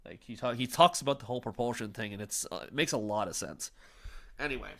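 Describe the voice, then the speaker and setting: A man co-hosting a casual reaction chat, excitable and slangy with plenty of fillers. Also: medium pitch, fast talker, vocal fry. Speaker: co-host.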